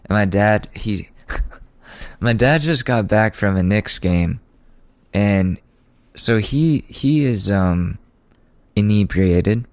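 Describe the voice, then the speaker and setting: A man with a very low voice tells a personal story on a podcast in a loose, rambling way, full of restarts and dry sarcasm. The recording is dry and close, with no room sound. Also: takes it slowly, long pauses, dry recording. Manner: sardonic, rambling, many restarts. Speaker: podcast host. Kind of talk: casual comedic storytelling.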